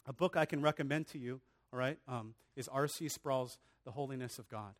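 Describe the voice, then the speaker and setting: A man's voice: medium pitch, brisk. A man preaching a sermon in an earnest, conversational way, often restarting his phrases and adding casual asides. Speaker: pastor.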